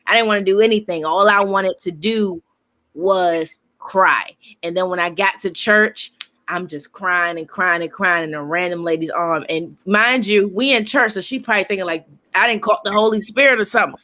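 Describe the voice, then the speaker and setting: A young woman co-hosting a casual group chat, telling a story in an animated, slangy way with frequent laughter. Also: on the low side, normal speed. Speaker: co-host.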